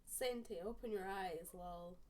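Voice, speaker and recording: A woman's voice: medium pitch, a little slow, a little mellow, recorded from a distance. A woman with a Scottish accent, stuffed up with a cold, co-hosting a casual live-stream chat in a giggly, bubbly way. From Scotland. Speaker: co-host.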